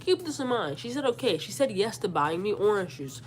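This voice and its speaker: Her medium-pitched, congested voice comes fairly quickly, over a slight hiss or hum. This sick vlogger in her forties animatedly relives an argument for a storytime vlog, quoting herself and her mother on both sides and repeating words.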